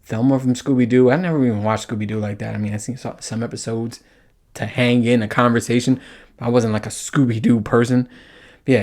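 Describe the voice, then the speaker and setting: A man hosting a podcast on his own, telling a story in a casual, profane, animated way and laughing as he goes. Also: mid-range voice. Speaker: podcast host. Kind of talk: casual solo podcast monologue.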